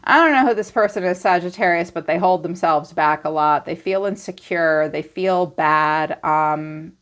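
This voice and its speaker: A woman's voice: lowish voice, normal speed, a bit bright. Chatty, blunt woman reading tarot. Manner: blunt, chatty, swings into playful quoted voices. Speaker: tarot reader. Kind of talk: casual tarot reading to camera.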